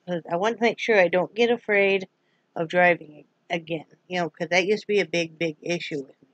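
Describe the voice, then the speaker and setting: A woman's voice: on the low side, brisk, no room sound, highs cut off. A woman from Wyoming chatting casually in a daily vlog, rambling and folksy. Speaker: vlogger.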